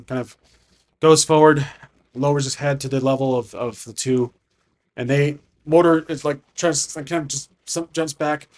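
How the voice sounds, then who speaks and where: A man's voice: mid-range voice, darkish tone. A man talks through his solo tabletop game, narrating the scene and correcting himself as he goes. His voice sits in a middle register, and his delivery is loose and conversational. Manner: thinking aloud, frequent restarts and self-corrections; casual, conversational. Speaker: solo game master and player.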